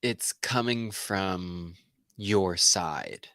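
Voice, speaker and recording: Male podcast host, low voice, hesitant casual delivery, dry studio sound. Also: expressive, extremely slow, pushed and bright, dry recording. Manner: hesitant, many fillers and restarts. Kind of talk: casual conversation.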